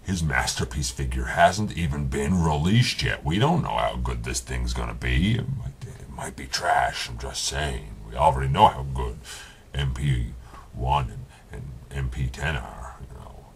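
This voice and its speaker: A man voicing a stern, heroic male robot leader who talks in a gruff, blunt way. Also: a bass voice, unhurried, a little hiss or hum, heavily acted. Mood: gossipy.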